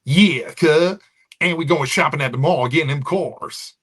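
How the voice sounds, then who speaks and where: A man's voice: a little high, unhurried, fairly bright tone, breathy edge, pitched above the performer's own voice. A man putting on a laid-back young California guy with a Californian accent and overpronounced R's. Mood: boastful.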